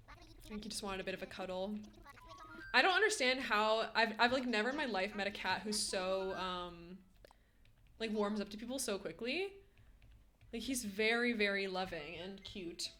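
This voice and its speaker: A woman's voice: mid-range voice, lively intonation, moderate pace, pushed and bright. A young woman streaming from home, casually chatting and answering her chat with playful slang. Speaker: game streamer. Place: home room. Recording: roomy echo.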